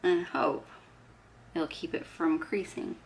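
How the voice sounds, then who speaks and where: A woman's voice: sits low, steady tone, takes it slowly, slight background noise. A woman chatting casually while she does her makeup, talking through each step and poking fun at herself. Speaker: beauty vlogger. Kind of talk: casual get-ready-with-me chat.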